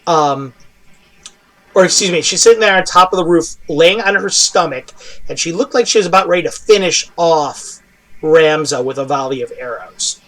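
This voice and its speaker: High-voiced male game master. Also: a bit bright. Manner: halting, with many fillers. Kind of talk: narrating a tabletop game.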